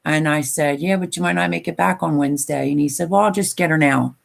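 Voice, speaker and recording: A woman's voice: sits low, fast talker, gravelly. An older woman chatting casually on a live stream, tired and emotional, rambling with many fillers. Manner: emotional, rambling, tearful at times.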